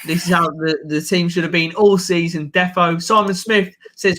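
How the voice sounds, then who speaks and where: A man with a Birmingham accent hosting a live stream, reacting excitedly to a football match, laughing and shouting at the play. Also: sits high, moderate pace, a little hiss or hum.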